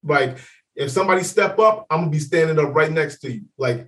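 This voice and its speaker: A man's voice: on the high side, a little fast, far from the mic. A man co-hosting a podcast, telling a story in casual chat, swearing freely and acting out what people said. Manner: animated, profane, acts out quotes. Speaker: podcast co-host.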